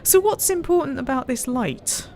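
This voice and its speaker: A woman's voice: sits high, expressive, normal speed, a little mellow. A woman hosting a let's play, reading the game's story text aloud and chatting, often breaking into laughter. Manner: giggly, breaks into laughter, tries silly voices. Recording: faint background noise.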